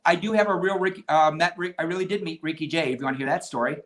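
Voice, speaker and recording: Man telling a lively anecdote. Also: on the high side, very fast. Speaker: magician guest. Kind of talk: casual storytelling in conversation.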